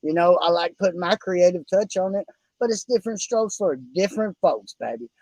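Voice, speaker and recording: A man's voice: high-pitched, a little fast, darkish tone, no echo, poor audio. A man with an Oklahoma country accent hosting a casual fantasy football podcast, folksy and effusive, calling everyone buddy and brother. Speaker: podcast host.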